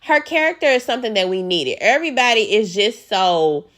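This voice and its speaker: A woman's voice: mid-range voice, sing-song, a little fast, fairly bright tone. A woman giving sassy, outspoken, profane commentary as she recaps a reality show.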